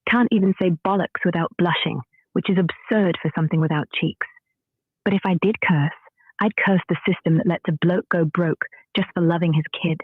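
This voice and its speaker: A woman's voice: fairly low pitch, fairly even intonation, normal speed, husky, no room sound. A woman's AI voice with a British accent, chatting in a witty, dry, frank way. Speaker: AI voice assistant. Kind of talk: conversational chat. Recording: tinny phone-like audio.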